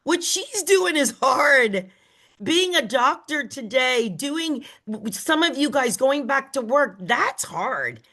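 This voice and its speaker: A woman's voice: high voice, very animated, pushed and bright. A middle-aged woman team leader giving an emphatic, emotional motivational talk to her group. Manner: emphatic, emotional, slow and deliberate.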